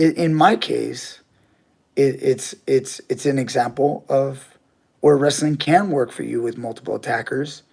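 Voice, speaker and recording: A man's voice: medium pitch, creaky, darkish tone. A man, a grappling coach and channel host, telling a story in casual chat with his viewers, candid and swearing freely.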